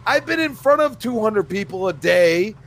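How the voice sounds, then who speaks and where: A man co-hosting a casual podcast chat, excitable, swearing freely, with lots of fillers. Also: sits high, normal speed, a little hiss or hum. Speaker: podcast co-host.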